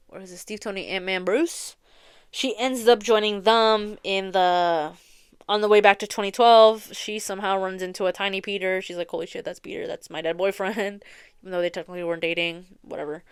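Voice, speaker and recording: A young woman with a smooth, clear voice of middling pitch chats her way through a long story as a podcast host. She rambles, swears freely and leans on filler words. The sound is dry and close, with no room in it. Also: dry recording. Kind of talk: casual storytelling chat. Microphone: close studio mic, audio only.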